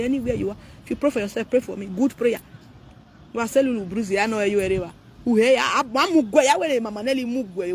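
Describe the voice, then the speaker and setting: His pitch is extremely high as this Nigerian-accented man rants animatedly to live stream viewers in a mix of Pidgin, Yoruba and English. Slight background noise can be heard.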